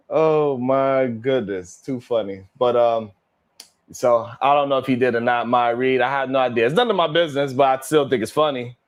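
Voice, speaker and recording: Speaking at medium pitch with lively intonation and a measured pace, a male livestream host reads super chats. He keeps it laid-back, reacting to viewers with laughter, sighs and drawling slang.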